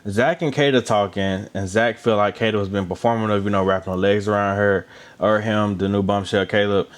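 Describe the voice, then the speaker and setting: Casual male recap host with a low voice, animated delivery, chatty asides. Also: fairly quick. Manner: animated, chatty, with asides about drinking water and lotion. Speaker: reality show recap host.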